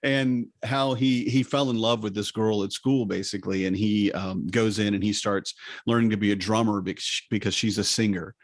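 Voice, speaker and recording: A man co-hosting a podcast in casual chat, retelling a film with animated quoted voices. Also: fairly low pitch, normal speed, dry recording, clean studio sound. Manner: animated storyteller who acts out quoted lines. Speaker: podcast co-host.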